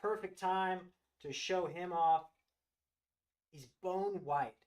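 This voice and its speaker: High-voiced, excited man hosting a live sale. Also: slow pace. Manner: enthusiastic, gushing over animals. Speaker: host of a live reptile sales show. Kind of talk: live-stream product showcase.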